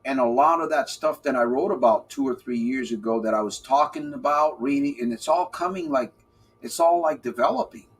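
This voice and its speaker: A man coaching listeners on a live stream, his husky voice swinging widely up and down in pitch. He talks playfully and keeps repeating key phrases to drive them home. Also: lively intonation, fairly quick. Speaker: recovery coach hosting a live podcast. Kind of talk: live-stream talk, answering chat.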